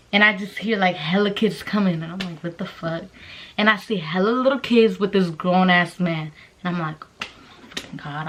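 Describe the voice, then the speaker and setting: A young woman telling a story in a casual vlog, swearing constantly and acting out the voices of the people in it. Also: medium pitch. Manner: profane, animated storytelling with quoted voices. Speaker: vlogger.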